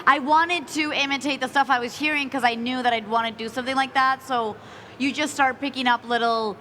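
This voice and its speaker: A woman's voice: sits high, fairly even intonation, fairly quick, a bit bright, slight background noise. A woman voice actor chatting playfully with fans at a convention panel. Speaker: voice actor guest. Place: convention hall.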